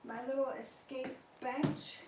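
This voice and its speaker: A woman's voice: high voice, flat delivery, slow pace. A woman fitness trainer talking through a live workout, chatty and encouraging as she exercises. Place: indoor workout space. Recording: echoey room with faint noise.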